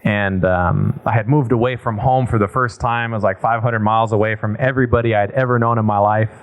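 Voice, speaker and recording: A man's voice: fairly low pitch, fairly even intonation, fairly quick. A man, a priest, giving a casual retreat talk, telling stories with fillers and acted-out dialogue.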